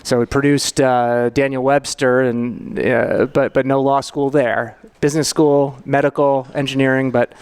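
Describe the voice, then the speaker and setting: A man's voice: medium pitch, little pitch movement, measured pace, hardly any pauses, smooth. A man in his thirties from New York, a financial planner being interviewed, talking thoughtfully with many fillers. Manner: thoughtful, explanatory, with frequent fillers. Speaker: guest, family financial planner. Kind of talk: conversational podcast interview.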